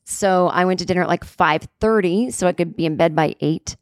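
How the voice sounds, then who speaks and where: A woman's voice: fairly low pitch, fairly quick, no echo. Chatty woman telling a story, dry sound. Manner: chatty, digressive, full of "like" and "you know". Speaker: comedian podcast host. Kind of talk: casual storytelling monologue. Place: hotel room.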